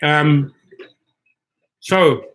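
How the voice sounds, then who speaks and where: A man's voice: a little high, fairly even intonation, drawn-out words, fairly bright tone. A man vlogging, talking casually at a table, rambling and repeating his words. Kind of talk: casual chat.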